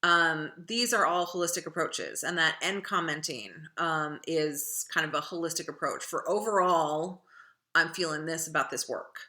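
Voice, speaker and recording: Young female writing instructor, casual digressive lecture, crisp bright tone. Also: on the low side. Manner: chatty, digressive, many fillers.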